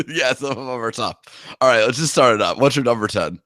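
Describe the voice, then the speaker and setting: Hoarse jokey podcast co-host man. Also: mid-range voice, expressive, fairly quick, fairly bright tone, dry recording, studio quality. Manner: jokey, laughs often. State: hoarse, sore throat. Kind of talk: casual podcast chat.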